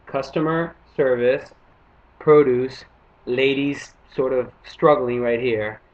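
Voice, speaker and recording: A man's voice: medium pitch, steady tone, takes it slowly. A man from Panama doing stand-up, telling a story and acting out other people's lines. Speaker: stand-up comedian. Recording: muffled lo-fi recording.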